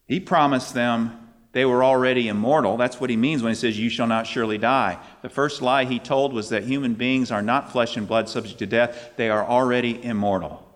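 A man delivers a sermon in an emphatic, driving manner. His pitch climbs sharply whenever he quotes scripture or poses a question. His voice sits in the middle range and rings out with a long hall reverb. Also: a bit bright. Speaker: preacher.

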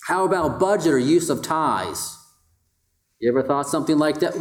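A man's voice: fairly high pitch, lively intonation, normal speed, echoey room. A man delivering a sermon in a conversational style and putting rhetorical questions to his congregation. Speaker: pastor.

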